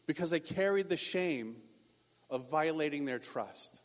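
A pastor telling a personal story in a sermon, animated and self-deprecating. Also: male voice, on the high side, normal speed, in a large hall.

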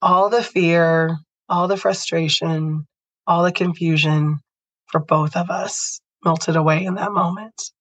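A woman's voice: lowish voice, fairly even intonation, slow, no echo, rough recording. A woman podcast host telling a personal story in an earnest, heartfelt way.

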